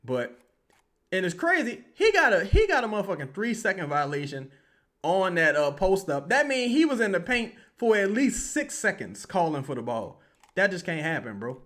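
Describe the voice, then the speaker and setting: A man hosting a live basketball watch-along, reacting to plays with heated, profane commentary that swings from yelling to low muttering and repeats the same complaints. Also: big pitch swings, normal speed.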